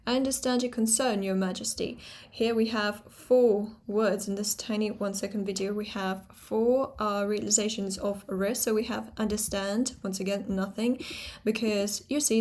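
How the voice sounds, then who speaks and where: A woman teaching a pronunciation lesson, thinking aloud with fillers and slowly repeating sounds to show them. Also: medium pitch, a little mellow. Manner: talks things through aloud, pausing on fillers and repeating sounds slowly to demonstrate. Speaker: phonetics teacher.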